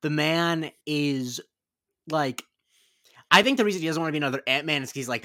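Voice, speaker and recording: A man's voice: fairly high pitch, a little fast, long pauses, pushed and bright, no room sound, clean studio sound. A man co-hosting a podcast in casual chat, rambling and opinionated with frequent restarts. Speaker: podcast co-host.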